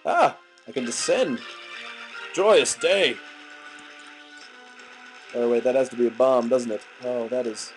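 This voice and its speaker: A man's voice: medium pitch, slow, pauses often, faint music behind, poor audio. A young man with a sore, gunky throat giving goofy gaming commentary full of silly outbursts. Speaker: let's play commentator.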